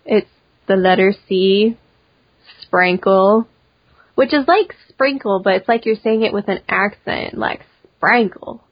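A woman's voice: mid-range voice, normal speed, no echo, dull audio. A young woman guest chatting casually, full of "like" and swearing. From Polish family, grew up in America. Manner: chatty, swears freely, lots of "like". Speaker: podcast guest, cosplayer. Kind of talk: casual chat.

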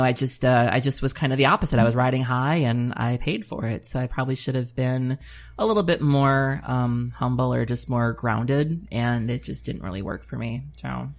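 A woman co-hosting a casual podcast, telling stories with big exasperated swings in her voice. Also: creaky. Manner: animated storyteller, big pitch jumps when exasperated. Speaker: podcast co-host.

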